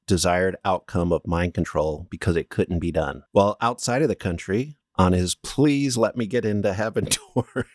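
A man with a low voice talks through a story from his notes in a casual podcast chat. He reads steadily but stumbles and restarts now and then. The sound is close and dry. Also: darkish tone, dry recording. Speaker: podcast co-host presenting the story.

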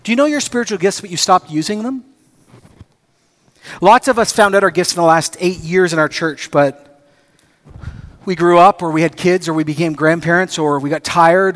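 A man preaching a sermon as pastor, telling stories with acted-out dialogue and rising to excited emphasis. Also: a little high, moderate pace.

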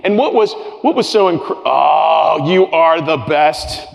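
A pastor preaches earnestly to his congregation in a church sanctuary, often repeating phrases and starting sentences over. His fairly high, gravelly voice is animated and slow. Long hall reverb and soft guitar fill the recording.

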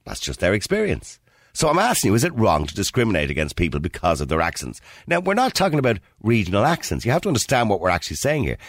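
Casting: Irish male radio host, brisk, lively, bone-dry studio sound. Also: lowish voice, no room sound. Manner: animated, joking, laughs often. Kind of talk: phone-in radio talk.

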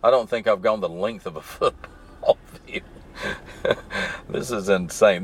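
A deep-voiced man with a light Southern accent rambles through easygoing stories. He talks to his listeners from the driver's seat of his truck. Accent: mild Southern US. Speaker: podcast host. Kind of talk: casual solo storytelling while driving. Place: in his truck stuck in traffic.

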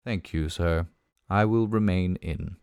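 A man's voice: low voice, measured pace, creaky, darkish tone, clear, resonant tone, dry recording, clean studio sound, voice pushed down. A man voicing a formal, imperturbable middle-aged male valet in an audiobook reading, clipped and deferential.

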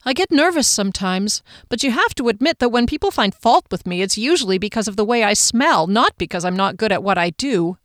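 A woman voicing a young male elf who is guilt-ridden and near tears, speaking high and pleading. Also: animated, brisk, few pauses, a bit bright, no room sound, studio quality, natural voice. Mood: shy.

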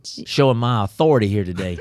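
Joking, animated man hosting a chat. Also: lowish voice, brisk. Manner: joking, laughs often. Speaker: host. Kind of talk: casual chat.

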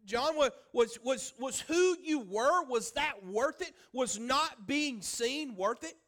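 A man's voice: very high voice, expressive, slow, fairly bright tone. A man preaching a sermon as pastor. He speaks emphatically, repeats his phrases and asks the congregation questions.

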